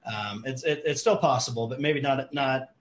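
A man's voice: mid-range voice, normal speed, slight background noise. A man co-hosting a podcast in casual chat, hesitant and full of fillers. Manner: hesitant, lots of fillers and restarts.

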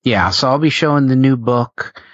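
A man's voice: mid-range voice, normal speed, no room sound, dull audio. A man, a comic book creator, chatting as a podcast guest and explaining his work earnestly. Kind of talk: casual chat.

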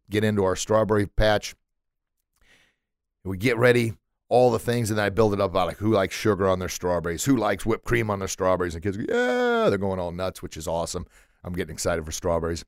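A man with a lowish voice talks in a casual, motivational way, as a former teacher would. He repeats words while he hunts for the right ones and gets animated when he acts out children's reactions. The sound is close and dry, with no room echo. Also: smooth. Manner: earnest, repeats words while searching for them.

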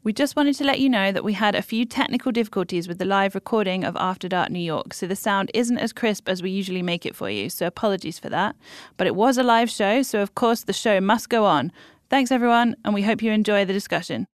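A woman's voice: medium pitch, animated, fast talker, no room sound, studio quality. Woman producer giving a short notice. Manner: polite, apologetic. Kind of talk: studio announcement.

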